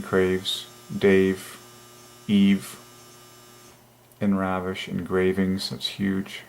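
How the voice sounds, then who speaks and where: A man hosting his own channel, musing aloud at his computer in an enthusiastic, halting way with many fillers. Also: on the low side, vocal fry. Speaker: channel host. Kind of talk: religious numerology screen talk.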